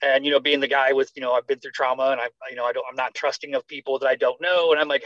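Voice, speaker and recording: A retired American army medic races through his story with hardly any pauses, his pitch medium. He's lively in this conversational interview, voicing the lines of people he remembers. The sound is dry, echo-free and slightly dull.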